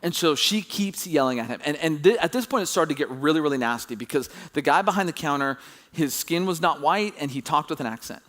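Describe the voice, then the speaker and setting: A man delivers a sermon in a relaxed, chatty way, circling back over his words. His voice sits a little high for a man. He swells in pitch and volume when he drives his point home. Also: brisk. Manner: conversational storytelling with animated emphasis.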